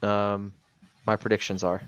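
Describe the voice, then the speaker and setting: A man's voice: fairly low pitch, little pitch movement, measured pace, fairly bright tone, smooth, no echo, muffled recording. A man co-hosting a casual crypto livestream, talking emphatically and saying "man" often. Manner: emphatic, says "man" a lot.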